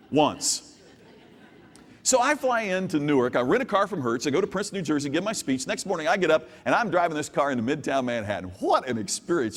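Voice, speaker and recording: Lively man telling a story on stage. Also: a little high. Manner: animated storyteller with big swings from hushed to shouting. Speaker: keynote business speaker. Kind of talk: live storytelling keynote speech. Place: large hall with an audience. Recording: long hall reverb.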